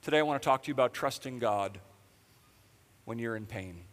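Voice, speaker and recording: A man's voice: medium pitch, a little fast. A man preaching a sermon in a conversational way, with sarcastic asides, in a church auditorium. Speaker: pastor. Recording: long reverb of a large hall.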